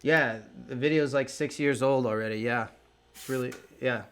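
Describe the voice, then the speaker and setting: A man's voice: medium pitch, moderate pace, fairly bright tone, clean tone. A man chatting casually with viewers while painting live, rambling a little as he works.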